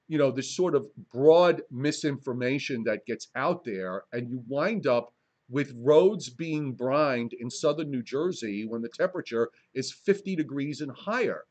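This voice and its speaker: A male meteorologist gives a casual public talk in a library presentation room. His voice sits at an ordinary middle pitch. He rambles a bit and restarts often, slipping in dry, wry jokes.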